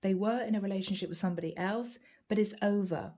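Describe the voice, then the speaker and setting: A woman giving a channeled tarot reading, speaking calmly and reassuringly, addressing the listener directly and repeating key phrases. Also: mid-range voice, quick pace. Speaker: tarot reader.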